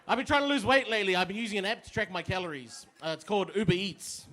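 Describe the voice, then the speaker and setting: A brash young man tears through a crude stand-up set on a pub stage. His voice sits high for a man, and he mocks himself as he lands each punchline. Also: fairly quick, fairly bright tone. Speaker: stand-up comedian.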